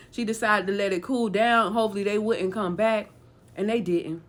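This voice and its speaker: A woman casually telling a true story, animated and acting out the dialogue as she goes. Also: medium pitch, normal speed.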